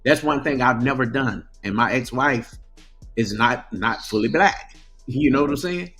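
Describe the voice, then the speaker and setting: A man's voice: mid-range voice, normal speed, fairly bright tone, soft background music. A man talking casually on a live stream, often stammering and restarting his sentences.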